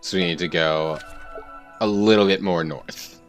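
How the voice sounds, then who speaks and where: A man's voice: sits low, fairly even intonation, unhurried, soft background music. A man hosting a let's-play, musing aloud with theories as he plays. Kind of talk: casual gameplay commentary.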